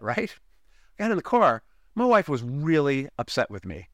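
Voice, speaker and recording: A man's voice: medium pitch, sing-song, a little fast, a bit bright, no echo. Dry, close-miked male podcast host. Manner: conversational, often checks in with "right?". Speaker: podcast host and relationship coach. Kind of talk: podcast monologue with personal stories.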